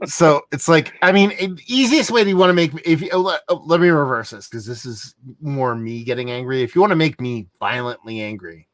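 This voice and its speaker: A man co-hosting a podcast in casual chat, animated and profane, swinging between loud and soft. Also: a little high, fairly quick, few pauses, dry recording. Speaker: podcast co-host.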